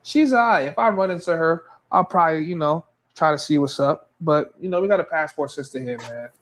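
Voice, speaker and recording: A man's voice: on the high side, fairly quick. A man hosting a reaction video, commenting in a laid-back, mocking way between clips. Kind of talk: casual commentary.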